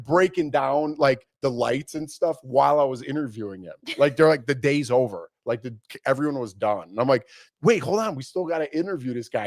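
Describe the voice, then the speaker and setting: A man's voice: mid-range voice, gravelly, no room sound, clean studio sound. A man in his forties co-hosting a podcast in casual chat, telling stories animatedly and acting out quoted voices. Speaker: podcast co-host.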